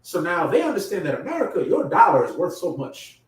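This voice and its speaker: A man's voice: sits high, wildly swooping pitch, fairly quick, distant mic, slight background noise. Impassioned preacher man, echoey room. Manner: impassioned, rising to loud emphatic peaks; casual street slang. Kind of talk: sermon.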